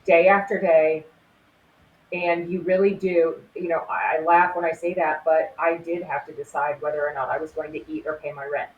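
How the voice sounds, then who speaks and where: A woman in her forties with a lowish voice recounts her career with earnest conviction and easy laughs. Her voice carries a roomy echo. Faint ambience hums behind her. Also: flat delivery, normal speed, narrow, tinny audio, slight background noise. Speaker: guest, former crime scene investigator. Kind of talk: conversational storytelling interview.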